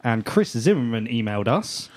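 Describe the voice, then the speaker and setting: A British man co-hosting a podcast, explaining things briskly and matter-of-factly. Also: mid-range voice, big pitch swings, darkish tone. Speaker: podcast co-host. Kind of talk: casual chat.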